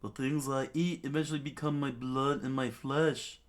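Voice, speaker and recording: A man's voice: mid-range voice, fairly even intonation, moderate pace, pitched above the performer's own voice, lightly acted. A man doing a pompous, gluttonous monster king. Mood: pompous boasting. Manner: boastful, pompous. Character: gluttonous male monster-king who eats anything.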